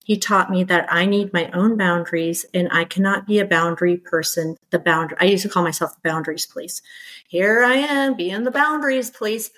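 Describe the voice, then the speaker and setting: A middle-aged woman, a podcast guest, telling her story in candid conversation and acting out exasperated quotes in lively bursts. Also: fairly low pitch, normal speed, poor audio. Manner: animated, exasperated, quoting others in lively bursts.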